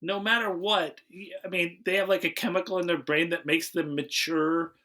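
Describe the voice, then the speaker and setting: A man hosting a podcast, recapping a movie in a relaxed, wry way, often restarting his sentences. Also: high voice, moderate pace. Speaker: podcast host. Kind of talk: casual comedic movie recap.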